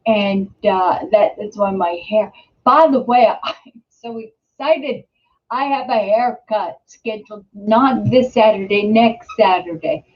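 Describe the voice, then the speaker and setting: A woman's voice: medium pitch, takes it slowly. A middle-aged woman hosting a casual live stream from home, rambling with lots of fillers and restarts. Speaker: host. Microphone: webcam or computer mic. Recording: slightly dull, lo-fi home webcam audio.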